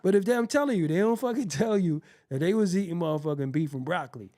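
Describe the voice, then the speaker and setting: A man's voice: sits high, fast. A man hosting a show, telling profane comic stories and acting out the people in them, laughing as he goes. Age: adult. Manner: animated, acts out voices, laughs often. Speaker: show host. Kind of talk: profane comedic storytelling.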